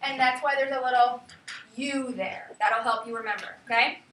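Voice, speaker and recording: High, bright-voiced woman teacher. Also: normal speed. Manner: lively, sing-song calling out of words. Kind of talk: classroom lesson. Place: classroom. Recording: echoey classroom from far off.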